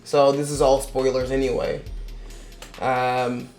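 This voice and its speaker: A young man rambling through a casual film review, profane and animated, with bursts of excitement. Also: medium pitch, takes it slowly, faint music behind. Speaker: movie reviewer.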